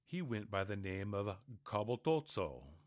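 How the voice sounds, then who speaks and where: A man reads a fairy tale aloud in an expressive storybook manner. His voice sits low, yet it rises and falls widely through each sentence, and the recording is close and dry. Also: measured pace, dry recording. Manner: expressive, animated. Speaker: narrator. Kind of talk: storybook reading.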